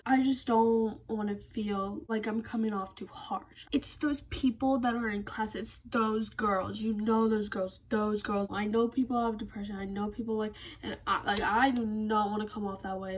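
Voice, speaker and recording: A woman's voice: on the high side, darkish tone, slight background noise. A teenage girl venting to camera in a casual rant, blunt and exasperated, peppering her talk with "like". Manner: blunt, exasperated ranting with constant "like" fillers. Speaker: vlogger.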